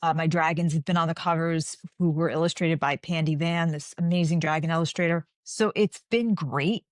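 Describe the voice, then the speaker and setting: Lively lower-voiced woman telling stories. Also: normal speed, dry recording, studio quality. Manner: animated storyteller, acts out quoted dialogue. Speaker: guest author. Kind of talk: casual interview chat.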